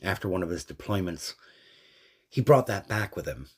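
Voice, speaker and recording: Man voicing a calm, wry middle-aged woman. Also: sits low, slightly rough. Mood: gentle. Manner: gentle, measured, quietly defiant. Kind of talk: fan story reading.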